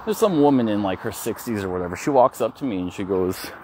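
A man with a lowish voice talks into a phone he holds as he walks a street outdoors. His pitch swings widely as he tells a story frankly, with swearing and restarts, and faint noise sits behind him. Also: very animated, quick pace, a little mellow. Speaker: vlogger. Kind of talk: casual walk-and-talk vlog. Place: outdoors on a city street, walking with dogs.

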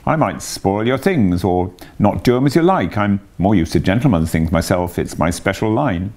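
A man voicing a boastful male toad disguised as a washerwoman, bragging in an airy falsetto. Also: lively intonation, moderate pace, darkish tone, natural voice. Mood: nervous.

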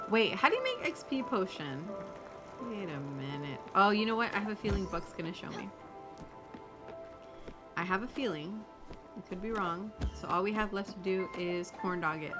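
Playing a game with its music loud in the background, this young woman streamer commentates casually in a mid-range voice at normal speed. She's excitable, swearing freely, with gasps and exclamations.

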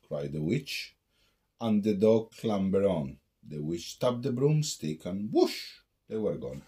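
A man's voice: lowish voice, big pitch swings, takes it slowly, dark tone. A man reading a rhyming picture book aloud at bedtime in a sing-song storytelling way.

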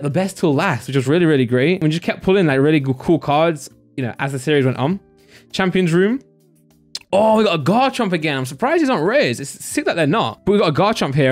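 A man with a slightly high voice hosts a casual pack-opening video. He talks in an excitable, chatty way, full of small fillers, while soft music plays underneath. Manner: chatty and excitable, with many fillers like "like" and "you know". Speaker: card-opening channel host.

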